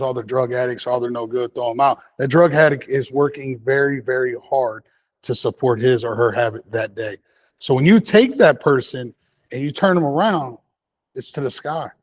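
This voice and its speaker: Guy on a panel telling his recovery story, earnest, keeps repeating stuff for punch. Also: on the high side. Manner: emphatic, repeats key phrases. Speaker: panel speaker, recovery advocate. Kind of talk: earnest personal testimony. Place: community meeting room.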